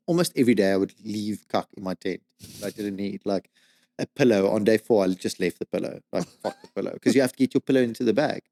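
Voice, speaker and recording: A man telling a story as a podcast guest, animated and swearing, with lots of "like" and "dude.". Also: fairly low pitch. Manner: animated, swears a lot, says "like" and "dude" often. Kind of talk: casual storytelling.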